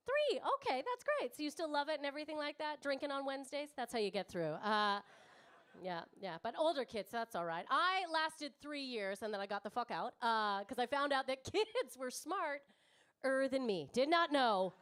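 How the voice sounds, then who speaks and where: A woman's voice: sits high, animated, moderate pace, fairly bright tone. A woman in her thirties doing stand-up comedy, brash and teasing the crowd, swearing freely. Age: 30s. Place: comedy club stage before a live audience.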